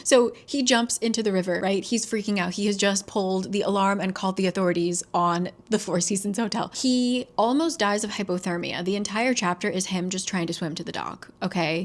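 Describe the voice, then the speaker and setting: Animated laughing woman recapping a book. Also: mid-range voice. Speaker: book vlogger.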